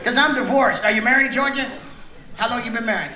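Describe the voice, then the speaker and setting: A middle-aged man works a big theater crowd with loud, teasing stand-up jokes, his voice pitched very high for a man. The stage mic sounds roomy and echoing. Loud audience laughter and heavy noise run underneath. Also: quick pace. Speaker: stand-up comedian. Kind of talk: stand-up comedy with crowd work. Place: large theater on a cruise ship.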